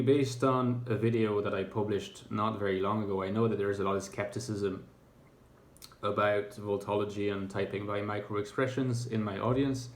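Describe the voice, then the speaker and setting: A man talking to camera in a reflective, casual monologue, thoughtful and hesitant, with many fillers and restarts. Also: fairly low pitch. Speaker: YouTuber. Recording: echoey room.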